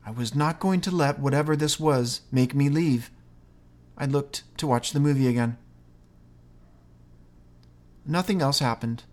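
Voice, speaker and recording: A man reading out a first-person ghost story in a slow, measured way. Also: mid-range voice. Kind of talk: scripted first-person narration.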